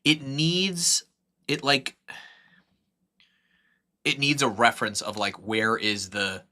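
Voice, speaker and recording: A young streamer teaching 3D modeling thinks out loud through a live tutorial, his medium-pitched voice bright and forceful. He takes it slowly but rambles and corrects himself constantly, full of fillers, and gets excited as he works.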